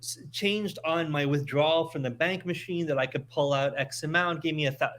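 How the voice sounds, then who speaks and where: He's from Montreal, Canada, with a fairly high pitch and an ordinary pace. On a laid-back podcast he spins animated stories, often starting over and saying words twice.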